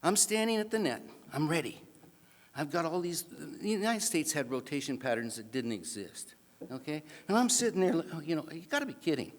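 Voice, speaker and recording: A man giving an animated, self-mocking storytelling speech at an awards event, acting out the other people in his story. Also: a little high, moderate pace. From Canada. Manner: animated, self-mocking anecdote with acted-out voices. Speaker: awards speaker. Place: banquet hall. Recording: reverberant hall PA sound.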